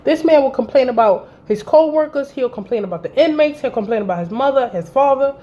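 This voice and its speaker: A woman's voice: sits high, animated, fairly quick, mellow. A woman in her thirties telling a personal story in a blunt, profane, exasperated way to her vlog audience. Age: 30s. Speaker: vlogger. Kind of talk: candid storytime vent. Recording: dull lo-fi recording with faint noise.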